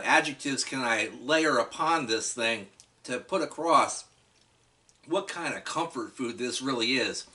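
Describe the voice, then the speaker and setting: A man talks eagerly through a food tasting in a casual vlog, speaking straight to his audience. His voice is bright and forward, and he sits a little back from the microphone. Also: medium pitch, recorded from a distance. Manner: enthusiastic, chatty, addresses viewers directly. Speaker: food reviewer.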